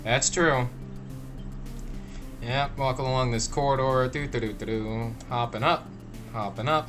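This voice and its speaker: A man's voice: mid-range voice, fairly even intonation, measured pace, pauses often, fairly bright tone, faint music behind. A young man casually playing a game and chatting, playfully switching between made-up voices for the characters he talks to. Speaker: gameplay video host.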